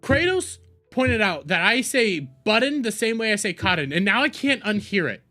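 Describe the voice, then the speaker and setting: A man talking casually as a streamer reacting to a video, excitable and profane, rambling and joking with his chat. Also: high voice, moderate pace, soft background music.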